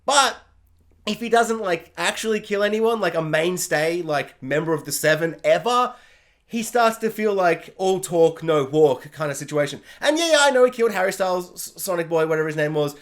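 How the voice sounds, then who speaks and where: Brief: male TV reviewer, higher voice, chatty and excitable, casual rambling delivery. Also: normal speed. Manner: chatty and excitable, heavy use of "like". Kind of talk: casual spoken TV episode review.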